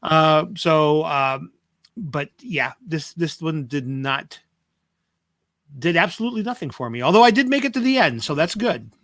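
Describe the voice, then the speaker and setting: A man co-hosts a review podcast, giving wry, hesitant verdicts with lots of "uh"s. His voice is bright and a little high. It is recorded dry and close. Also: animated, a little slow, dry recording. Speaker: podcast co-host. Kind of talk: casual review chat.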